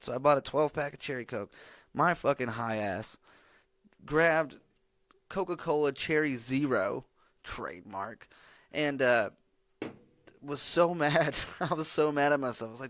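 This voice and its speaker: A man's voice: medium pitch, moderate pace, fairly bright tone, no echo. A man hosting a solo podcast, chatting casually in a rambling, profane, laid-back way. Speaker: podcast host.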